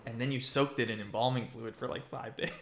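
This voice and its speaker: A man's voice: mid-range voice, steady tone, fast, creaky. Casual male game master, loose and sweary, roomy echo. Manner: casual, laughing, swears freely. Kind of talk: narrating a tabletop game.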